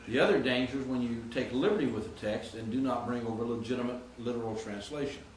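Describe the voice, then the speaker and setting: A man's voice: medium pitch, fast talker, echoey room, a little hiss or hum, rough recording. A man teaching Greek grammar in a classroom lecture, explaining and reciting word forms.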